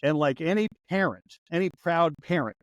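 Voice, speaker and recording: A man in his sixties, once a radio newsman and now a podcast host, tells wry, rambling anecdotes in a casual storytelling chat. His voice is on the high side at a moderate pace, and the audio is dull.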